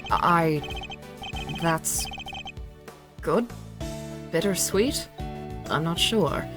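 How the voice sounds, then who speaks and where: A reserved male prosecutor speaks low and hesitantly, as a woman puts him on. He sounds quiet and uncertain. It is a game character read by a fan. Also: animated, very slow, over music.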